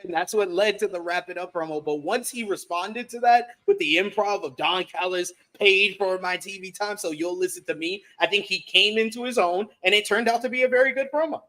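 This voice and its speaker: A man co-hosting a wrestling review, recapping events calmly, defending his opinions and reading out chat comments. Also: sits high, brisk, hardly any pauses. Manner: calm, defends his view, laughs, reads chat comments. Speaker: co-host. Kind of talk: casual podcast recap.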